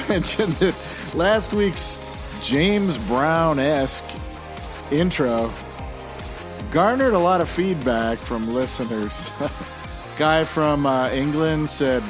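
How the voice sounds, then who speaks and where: A man's voice: fairly high pitch, takes it slowly, over music. A man hosting a podcast alone, talking in a casual, jokey and rambling way. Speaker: podcast host.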